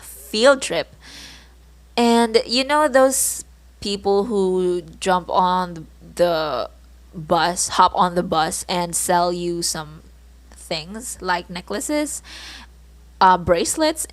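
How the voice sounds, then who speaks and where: A young Filipino-accented woman hosts a casual podcast alone, and her talk is slow and unhurried. She tells her own stories in an animated, self-mocking way. The sound is dry and close to the mic, as if recorded at a laptop. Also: on the low side, dry recording. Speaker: podcast host. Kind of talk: casual solo podcast storytelling.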